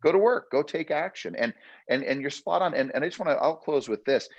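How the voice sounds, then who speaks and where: Leading a real estate training session, a man coaches with emphatic, repetitive, punchy phrases in a motivational talk. His voice is fairly high, brisk and lively in intonation, on a dry recording with the highs cut off.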